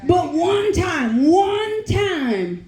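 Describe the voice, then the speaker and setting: Brash loud woman comic, 40s, high pitched, echoey club room. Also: very animated, drawn-out words. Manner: brash, bawdy, loud bursts of shouting and laughing. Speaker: stand-up comedian. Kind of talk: stand-up comedy set. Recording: roomy echo.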